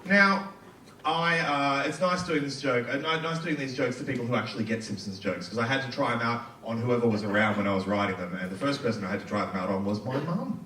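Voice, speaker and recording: A man doing a stand-up comedy set in a comedy club, with a quick, playful delivery and loud acted quotes. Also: mid-range voice, roomy sound, far from the mic.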